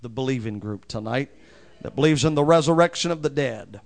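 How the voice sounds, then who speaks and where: Speaking at a medium pitch, a man preaches as pastor. He reads scripture at a slow, emphatic pace and asks the congregation to say amen.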